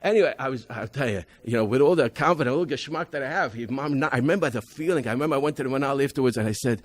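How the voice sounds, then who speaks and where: A rabbi speaks very fast in a mid-range voice with few pauses, presenting his school program in a convention talk. He tells emphatic stories about his students, restarting often and using Hebrew and Yiddish terms.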